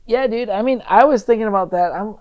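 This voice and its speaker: A young adult male comedian chatting casually on a podcast, dry and deadpan with sarcastic asides. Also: high-pitched, fairly quick, lo-fi sound.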